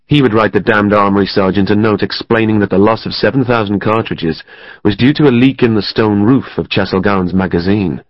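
A man reading a historical novel as audiobook narrator, in a steady, even storytelling manner. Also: lowish voice, a little fast, dry recording. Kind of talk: scripted narration. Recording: dry, slightly muffled studio.

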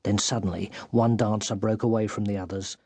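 A man narrating a children's storybook with animated, dramatic delivery that rises and quickens with the action, recorded close in a studio. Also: fairly low pitch, husky, dry recording. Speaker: audiobook narrator. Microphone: close studio microphone.

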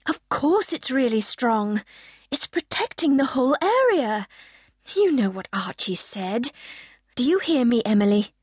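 A woman voicing a protective, loving mother who speaks low, gentle and firm. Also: sing-song, a little slow, breathy edge, no room sound, studio quality, exaggerated voice. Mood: firm, worried.

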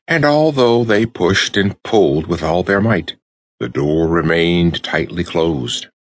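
A man with a low, slightly husky voice reads a children's story aloud. His delivery is expressive, sweeping through wide, animated pitch. The sound is close and dry. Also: no echo. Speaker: audiobook narrator.

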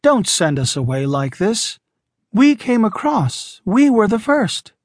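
A man's voice: sits high, big pitch swings, slow pace, no room sound, clean studio sound, pitched above the performer's own voice, heavily acted. A man voicing a female space traveller who begs and pleads urgently. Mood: pleading. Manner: begging, urgent.

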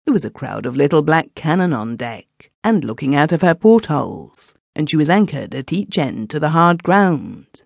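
Gravelly woman reading a classic tale. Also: low voice, very animated, normal speed, hardly any pauses, no echo. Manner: first-person storytelling in a village voice. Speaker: audiobook narrator. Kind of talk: scripted narration of a classic story.

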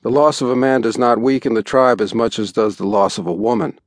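A man's voice: mid-range voice, fairly quick, gravelly, no echo, studio quality, natural voice. A man voicing an argumentative barbarian woman in a storybook reading, countering with careful reasoning. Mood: doubtful.

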